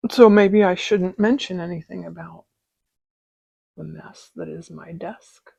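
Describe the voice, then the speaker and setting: A middle-aged woman hosting a relaxed embroidery tutorial from her craft desk at home, with soft, unhurried, chatty asides. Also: lowish voice, vocal fry, husky, no room sound, highs cut off. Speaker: embroidery video host. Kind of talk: relaxed stitching tutorial chat.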